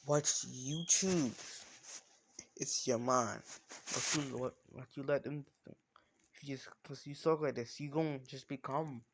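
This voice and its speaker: A man voicing a calm young male hero who speaks softly and reassuringly. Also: medium pitch, slow pace, noisy background. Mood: comforting.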